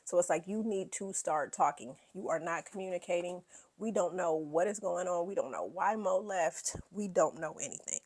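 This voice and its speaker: A woman's voice: fairly low pitch, moderate pace, a little mellow. Sassy female host, salty and blunt, breaking down a reality show. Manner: acts out quoted lines in put-on voices. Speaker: podcast host. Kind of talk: reality TV recap commentary.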